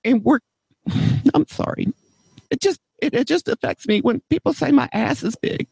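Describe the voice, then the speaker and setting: A man's voice: fairly high pitch, expressive, normal speed, mellow, no room sound. A man playing a flamboyant florist who fusses about his weight, gushing and theatrical. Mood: weepy. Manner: gushing, theatrical, breaks into emotional wails. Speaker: prank caller. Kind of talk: prank phone call.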